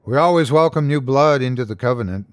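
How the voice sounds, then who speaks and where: Male narrator doing an ancient horned creature for a horror story, slow and measured, lively swoops in pitch, dry close sound. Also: no room sound, lightly acted. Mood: calm, menacing. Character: ancient horned inhuman being, calm and curious.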